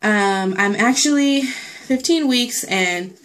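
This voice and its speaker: A woman's voice: a little high, slow, fairly bright tone. A young woman chatting through a casual vlog update, rambling with lots of fillers and slightly out of breath. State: a little out of breath. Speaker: pregnancy vlogger.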